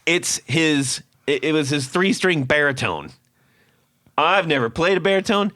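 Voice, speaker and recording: A man hosting a podcast, telling a story in a casual, animated way and acting out what people said. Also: fairly high pitch, unhurried, dry recording, studio quality. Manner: animated, acts out quotes with laughs. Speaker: podcast host.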